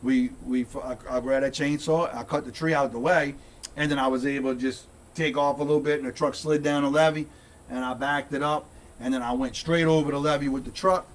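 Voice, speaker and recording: A man's voice: medium pitch, steady tone, a little fast, recorded from a distance. A middle-aged man telling a long story. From St. Bernard Parish, Louisiana. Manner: rambling, repeats words, says "dude" often. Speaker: guest, content creator. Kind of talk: casual storytelling.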